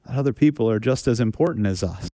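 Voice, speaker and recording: A man's voice: medium pitch, animated, quick pace, warm tone. A man preaching a sermon as a pastor, talking casually with self-deprecating humor and repeating phrases for emphasis. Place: church sanctuary.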